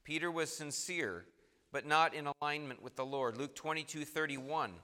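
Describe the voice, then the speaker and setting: A man's voice: on the high side, normal speed, bright, forceful tone. A man preaching a sermon, reading scripture aloud in old formal wording and stressing points with rising and falling emphasis. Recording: long hall reverb.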